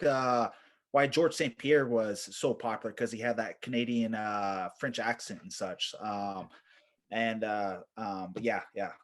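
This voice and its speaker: A man's voice: on the low side, a bit bright. A man guest on a podcast, a military veteran telling casual stories in a rambling way, with lots of fillers and swearing. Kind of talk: casual storytelling.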